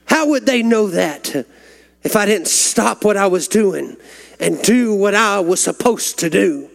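A man's voice: slow pace, creaky. A man preaching a sermon, telling stories and building to fervent, climbing peaks. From Texas. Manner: rising to fervent, climbing pitch when stirred.

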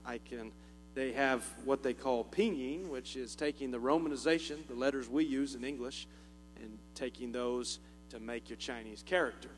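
A man's voice: mid-range voice, normal speed. A man with a Southern US accent giving a folksy, joking church talk as a missionary, chuckling often and using many fillers. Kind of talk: informal church talk with humor. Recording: long reverb with faint music and mains hum.

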